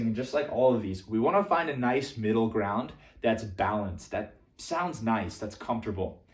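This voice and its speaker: A man's voice: normal speed, roomy sound. A young man coaching social skills, teaching to camera and acting out voice examples. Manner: lively, demonstrates voices with big jumps in pitch and volume.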